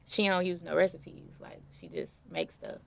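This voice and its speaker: A woman guest in a casual interview, telling relaxed stories full of fillers. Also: fairly low pitch, moderate pace, gravelly. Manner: relaxed storytelling with many fillers.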